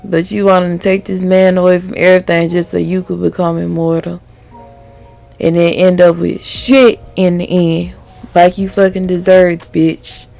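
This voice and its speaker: A woman's voice: lowish voice, level tone, normal speed, gravelly, a little mellow, faint music behind. A woman reviewing a TV episode to camera in a candid, heated, profane way, laughing often. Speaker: TV show reviewer. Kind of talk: casual video review.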